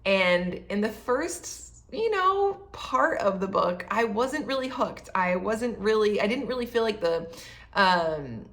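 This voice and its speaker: A chatty woman in her thirties talks through a book she read, in an easy, rambling way. She keeps dropping fillers and acts out her own thoughts in little quoted asides. Her pitch sits right in the middle for a woman. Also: very animated, slow pace, fairly bright tone. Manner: chatty, many fillers like um and you know. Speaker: book vlogger. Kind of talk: casual book review.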